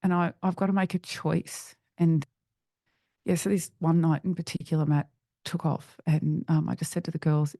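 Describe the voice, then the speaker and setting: A middle-aged woman, a podcast guest, telling a personal story in an earnest, halting way with frequent restarts. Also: low voice, steady tone, creaky, dark tone, dry recording, studio quality.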